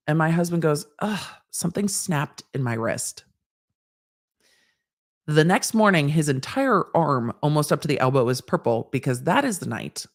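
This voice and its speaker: Animated woman telling a wry story. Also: sits low. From Southern California. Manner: animated, wry, swears casually. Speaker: live stream host. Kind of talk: casual anecdote storytelling.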